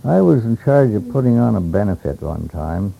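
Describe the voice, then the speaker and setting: An older man from Alaska recalling old stories in a rambling, halting way, with many hesitations and chuckles, on a dull lo-fi tape. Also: on the low side, very animated, vocal fry, husky. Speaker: interviewee. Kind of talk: oral history reminiscence.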